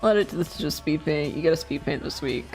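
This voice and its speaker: A woman's voice: sits low, lively intonation, quick pace, darkish tone, faint music behind. A young woman chatting casually while she draws on stream, rambling and playful, laughing often and swearing freely. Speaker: streamer and digital artist.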